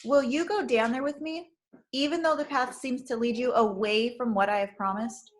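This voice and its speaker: A woman reading aloud and voicing a gentle male shepherd who speaks softly and calmly. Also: on the high side, normal speed, natural voice. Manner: gentle, soft and calm.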